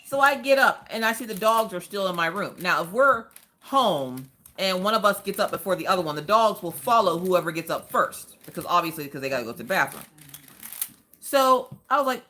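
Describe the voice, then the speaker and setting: A woman's voice: medium pitch, animated, a little fast, bright, forceful tone. A woman chatting casually to viewers during a home livestream, telling stories and acting out quotes. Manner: chatty storytelling, acts out quotes, talks to chat. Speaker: livestream crafting host.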